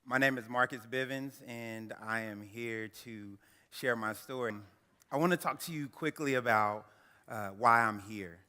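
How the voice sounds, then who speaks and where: A man in his thirties, an attorney and guest speaker, telling his personal story at an event with earnest, slow, emphatic phrasing. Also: medium pitch, sharp tone. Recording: reverberant hall.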